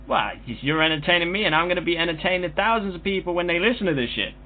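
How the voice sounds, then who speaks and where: A man's voice: high-pitched, expressive, fast talker. A man making a prank phone call, talking in a brash, taunting, profane way. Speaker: prank caller. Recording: tinny phone line with faint noise.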